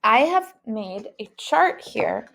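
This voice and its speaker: A woman's voice: on the high side, very animated, vocal fry, fairly bright tone. A woman teaching a phonics lesson to young children, speaking in a patient, encouraging way. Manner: slow, patient, encouraging classroom delivery.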